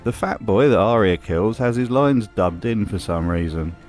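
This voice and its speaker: A man's voice: on the low side, expressive, moderate pace, darkish tone, faint music behind. A man narrating a scripted commentary with dry, sarcastic humor. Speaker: video essay host.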